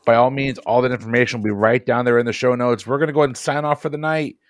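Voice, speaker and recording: A man hosting a movie podcast, briskly moving things along and signing off. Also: medium pitch, fairly even intonation, no room sound. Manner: brisk, wraps up the show. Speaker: podcast host.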